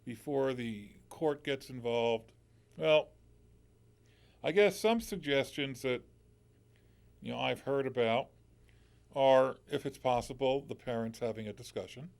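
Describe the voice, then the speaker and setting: A man's voice: mid-range voice, unhurried, vocal fry, pauses often. A man hosting a call-in radio show, giving plain-spoken, conversational legal advice. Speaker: lawyer and radio host.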